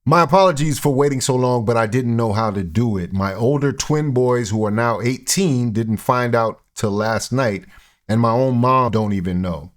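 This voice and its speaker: A man putting on another man's accent to read a public apology aloud, slow and mock-formal. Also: mid-range voice, lightly acted. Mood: mock-solemn.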